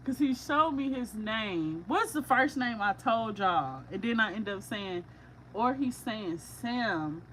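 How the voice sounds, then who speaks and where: Woman psychic vlogger, higher voice, slangy and excitable, laughs often, faint noise under her. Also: slow, low-quality recording. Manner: excitable, laughing, slangy, addresses viewers as y'all. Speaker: psychic reader. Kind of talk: casual psychic reading vlog.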